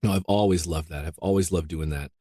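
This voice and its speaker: A man from rural Iowa, an audiobook narrator, chatting as a guest in a casual interview, rambling with many restarts and quick laughs. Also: deep voice, fairly even intonation, dark tone, slightly rough, no echo, clean studio sound. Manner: rambling, full of "you know" and restarts, laughs easily.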